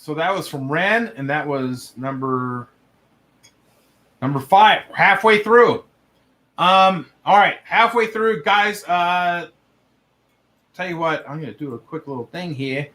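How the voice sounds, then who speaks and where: High-voiced young man reading stories aloud. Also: slow pace, long pauses, pushed and bright. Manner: laughs through the reading, breaks off to react with swearing. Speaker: livestream host reading viewer stories. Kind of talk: casual livestream reading.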